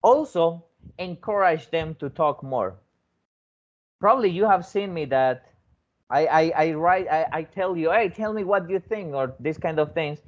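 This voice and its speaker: A man's voice: fairly high pitch, expressive, unhurried, dull audio. Man teaching with frequent "okay?" checks. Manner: repeats words, many restarts, frequent rising "okay?" checks. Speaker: foreign teacher training teachers. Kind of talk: teaching demonstration talk.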